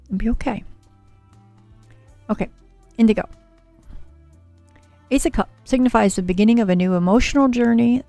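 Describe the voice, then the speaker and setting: Gravelly-toned woman reading tarot on a livestream. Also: mid-range voice, warm tone, dry recording. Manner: soothing, chatty, reads viewer names and card meanings. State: slightly scratchy voice from a cold. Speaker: tarot reader and livestream host.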